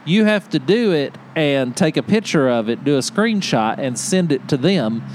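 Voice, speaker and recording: Man, podcast host, casual storytelling, animated, laughs a lot, faint background hiss. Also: on the high side, moderate pace. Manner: animated, laughs often, acts out quotes.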